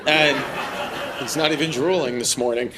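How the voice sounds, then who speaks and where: A man's voice: medium pitch, normal speed. A young man doing crude, teasing stand-up crowd work in a crowded airport terminal venue. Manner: brash, teasing, crude banter with audience. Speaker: stand-up comedian. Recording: noisy live crowd. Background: crowd laughter and terminal ambience.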